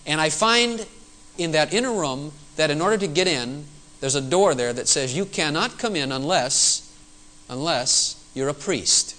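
A man delivers a sermon from the pulpit in a high voice. His pitch leaps and dips freely as he preaches. He keeps the congregation engaged with rhetorical questions. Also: lively intonation, a little slow, bright, forceful tone, poor audio. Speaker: pastor.

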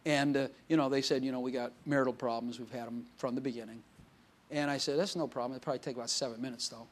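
A man's voice: mid-range voice, fairly even intonation, fast talker. Chatty, storytelling male preacher. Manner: conversational, storytelling with frequent laughs and quoted dialogue. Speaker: pastor. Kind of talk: sermon.

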